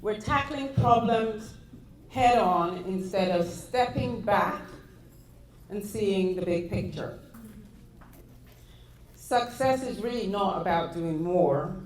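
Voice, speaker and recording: A British woman gives a motivational talk at a very slow, deliberate pace. Her voice sits at a middle pitch. The sound is echoey, with faint noise in the hall. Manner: measured and deliberate. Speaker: guest speaker.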